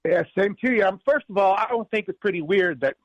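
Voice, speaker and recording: A male radio caller with a fairly high voice that swings up and down as he talks. He speaks in a teasing, playful way. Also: expressive, quick pace, no echo, highs cut off. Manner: teasing, ends with a laugh. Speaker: regular caller. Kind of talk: casual call-in chat.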